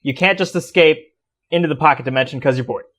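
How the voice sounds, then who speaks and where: A man co-hosting a podcast, improvising a comedy product pitch in a dry, matter-of-fact way. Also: quick pace, a bit bright. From United States. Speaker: podcast co-host.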